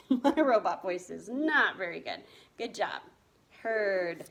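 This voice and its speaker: A woman gives a remote reading lesson to first graders, patiently and encouragingly spelling words letter by letter. Her mid-range voice is creaky with lively intonation and a slow pace.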